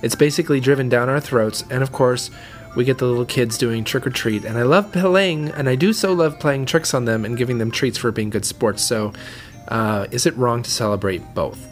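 Irreverent woman co-host, extremely deep voice, faint music bed. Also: normal speed. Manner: irreverent, joking, swears freely. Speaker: podcast co-host reading listener emails. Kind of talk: casual chat.

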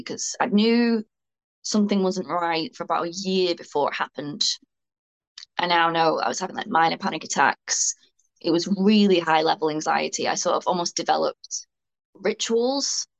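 A woman's voice: lowish voice, moderate pace, creaky, low-quality recording. A young woman, a guest speaking frankly and ramblingly about her own experiences in a candid interview. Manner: frank, rambling, self-deprecating.

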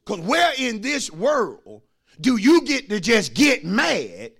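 Shouting preacher, high and bright. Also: male voice, big pitch swings, takes it slowly, gravelly, breathy edge. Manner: swings from quiet asides to shouted preaching. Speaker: pastor. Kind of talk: sermon.

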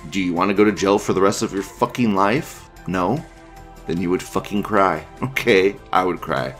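A man's voice: sits low, fairly bright tone. A man hosting a casual stream, reading forum posts aloud, profane and offhand, laughing often. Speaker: livestream news host.

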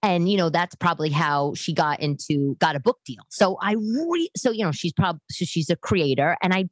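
A low-pitched woman with a New York-area accent, chatting on her podcast and wandering off into tangents and little asides. The sound is dry and close, with no room echo. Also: expressive, moderate pace. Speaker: podcast host and stand-up comic. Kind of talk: casual chat podcast. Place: living room.

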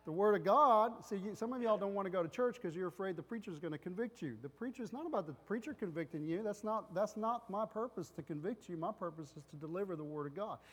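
High-voiced man preaching in a reverberant hall. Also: animated, fast, few pauses, breathy edge. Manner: rambling, loses his place, acts out loud family voices. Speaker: pastor. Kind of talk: sermon with personal stories.

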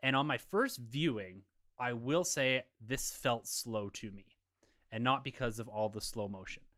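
A man on a podcast panel, giving a measured, analytical review of a film in casual conversation. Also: medium pitch, fairly bright tone.

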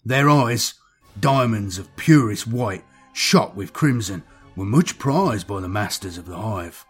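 A man's voice: lowish voice, lively intonation, a little slow, slightly rough, faint music behind. A man narrating as a haunted outcast sailor. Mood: solemn. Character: weathered male outcast sailor telling his tale. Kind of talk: first-person storytelling.

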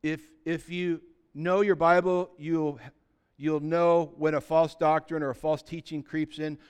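A man preaching a sermon as pastor, talking conversationally and building to loud, emphatic peaks, often acting out what people say. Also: on the high side, flat delivery, unhurried, clean tone. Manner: acts out quoted voices of believers.

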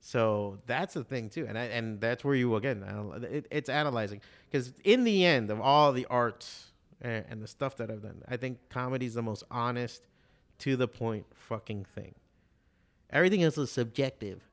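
A man's voice: mid-range voice, lively intonation, moderate pace. A man in his forties chatting casually, telling rambling, profane stories with lots of fillers. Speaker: stand-up comedian and podcast guest. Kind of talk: casual chat.

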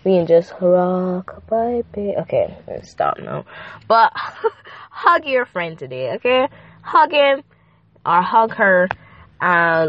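A woman's voice: fairly low pitch, muffled recording. A woman hosting a casual faith-based podcast, talking in a chatty, rambling way full of fillers and playful asides. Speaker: podcast host. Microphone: phone.

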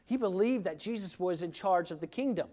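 Earnest high-voiced male preacher. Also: expressive, brisk, mellow. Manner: earnest, emphatic with repetition. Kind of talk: sermon.

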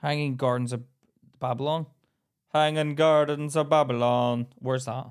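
A man's voice: medium pitch, steady tone, a little slow, clean tone. A young British man with an ordinary mid-range voice, talking casually on a podcast. He hesitates and mumbles through half-sure guesses. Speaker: podcast co-host. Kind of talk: casual banter, reading a list.

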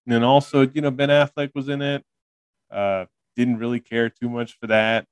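A man's voice: medium pitch, little pitch movement, moderate pace, smooth, no echo. Dry-sounding casual podcast host, man. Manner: laughing, filler-heavy, rambling. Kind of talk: casual movie podcast chat.

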